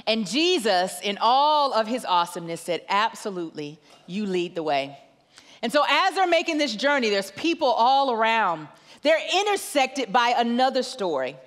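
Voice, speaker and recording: A woman's voice: fairly high pitch, very animated, moderate pace. A middle-aged woman preaching as a guest pastor, telling a family story with acted dialogue. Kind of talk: sermon with storytelling. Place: large church auditorium. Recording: long church hall reverb.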